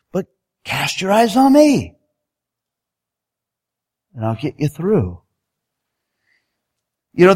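A man preaching a sermon in a conversational style, building up to emphatic exhortations. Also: a little high.

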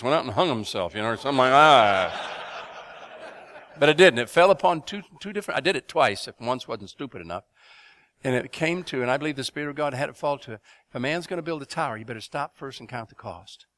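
A middle-aged man preaches his testimony fast, in a mid-range voice with no room sound. He tells stories with plenty of animation, laughing and turning to the audience with questions.

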